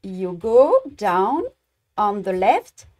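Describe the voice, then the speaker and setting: Woman, French accent, native French speaker, embroidery teacher, live tutorial, halting, searching for words, unhurried. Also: medium pitch, big pitch swings, darkish tone. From France. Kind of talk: live-streamed craft tutorial.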